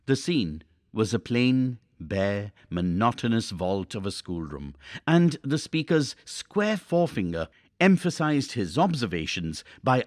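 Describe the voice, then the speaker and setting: Slow, expressive male reader. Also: mid-range voice, no room sound, studio quality. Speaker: teacher. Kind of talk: reading a classic novel aloud for a class.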